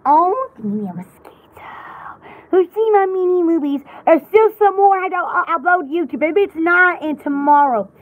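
A young woman hosting a live-stream jewelry party, chatting casually in an excitable, rambling, giggly way. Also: very high-pitched, normal speed, phone-quality sound.

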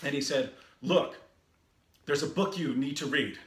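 A man co-hosting a video, telling an anecdote in a casual way and acting out quoted dialogue with lively emphasis. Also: on the high side, a little slow, roomy sound. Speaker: co-host of a video series.

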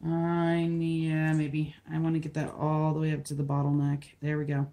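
Speaking in a deep, monotone voice with a dark tone and moderate pace, an acrylic pour artist chats to camera while pouring paint. She's casual and self-deprecating in this craft vlog, giggling frequently, and the room echoes.

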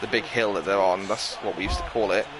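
A man's voice: fairly low pitch, a little fast. A young man in his twenties hosting his channel, telling a long story in a rambling, chatty way, laughing as he goes. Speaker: channel host. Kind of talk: casual storytelling to camera. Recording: steady background noise.

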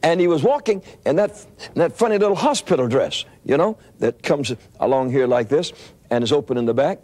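An older man preaching, telling a story in an animated, anecdotal way with frequent restarts. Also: fairly high pitch, fairly quick. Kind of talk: storytelling sermon.

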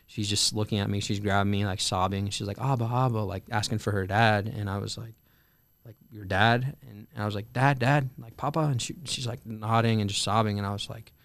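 A young man in his twenties telling a story in a candid, profane way, halting with many fillers in an interview. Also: fairly low pitch, little pitch movement, creaky, fairly bright tone, dry recording. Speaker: guest, Marine veteran.

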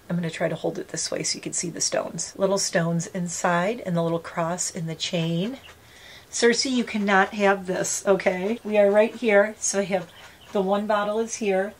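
A woman's voice: mid-range voice, slight background noise. A woman in her fifties chatting casually as she unboxes gifts on her vlog, gushing and talking to her pet bird. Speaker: vlogger.

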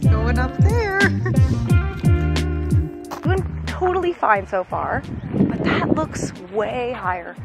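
Excitable young woman vlogging outdoors. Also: on the high side, slow pace, vocal fry, long pauses. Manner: excitable, gushing, exclaims often. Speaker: travel vlogger. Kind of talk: casual travel vlog narration. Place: outdoors, city streets and a windy hill. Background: loud background music.

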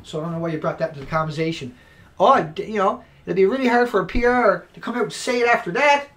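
A man recording an angry, profane rant to camera, swinging between yelling and quiet muttering. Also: sits high, fast. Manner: profane, shouting and then dropping to quiet. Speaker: video blogger. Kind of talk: angry ranting monologue. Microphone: home recording mic.

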